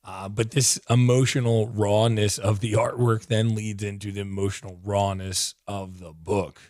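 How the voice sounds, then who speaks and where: Breathless, excited man with a low voice. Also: normal speed, no echo, clean studio sound. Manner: excited, rambling, lots of "like". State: out of breath, voice fading. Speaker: comic book reviewer. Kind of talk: casual video review.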